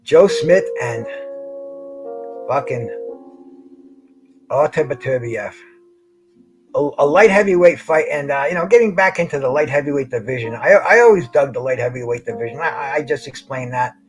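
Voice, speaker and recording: A man's voice: mid-range voice, expressive, moderate pace, pauses often, soft background music, rough recording. A middle-aged man hosting a boxing show, chatting casually, stammering and repeating words, full of slang. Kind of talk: casual solo chat.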